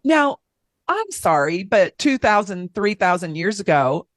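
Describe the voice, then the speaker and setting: A woman astrologer hosting a casual chat, telling stories in an animated, talkative way. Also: medium pitch, measured pace, no echo, clean studio sound. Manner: chatty, animated storyteller. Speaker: astrologer host.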